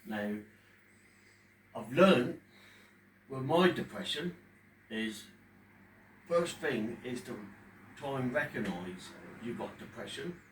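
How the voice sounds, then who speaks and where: A man in his fifties speaking emotionally at home in front of a fish tank, pausing often as he talks about his own experience. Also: mid-range voice, expressive. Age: 50s. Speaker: vlogger talking about his depression. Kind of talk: unscripted personal talk to camera. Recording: echoey room, distant mic, faint background hum.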